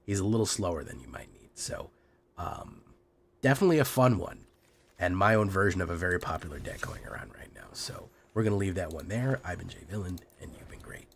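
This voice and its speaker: A man streaming and commenting casually on his gameplay, hoarse from being sick, relaxed and joking, with asides he mumbles under his breath. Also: low voice, fairly quick, slight background noise. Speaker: game streamer.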